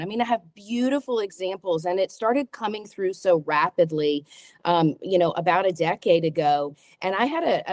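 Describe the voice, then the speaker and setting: A woman psychic guest speaks with expressive, storytelling energy. She acts out the lines she quotes and often restarts her sentences. Her voice is recorded close and dry, with no room sound. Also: on the low side, no echo. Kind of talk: animated storytelling in a talk show interview.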